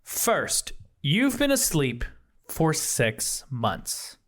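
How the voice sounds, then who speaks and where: A rambling, flustered young plant-shop guy, put on by a game master, blurting things out in bursts. His voice sits a bit higher than most men's. The whole thing plays as a tabletop role-play scene. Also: huge pitch swings, drawn-out words, a bit bright, exaggerated voice. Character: frazzled young male ex-plant-shop worker.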